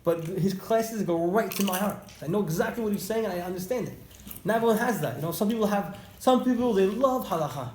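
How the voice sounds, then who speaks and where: A man teaching an informal religious class to students, telling stories in an animated way and repeating phrases for emphasis. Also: high-pitched, quick pace. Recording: echoey room, faint background noise.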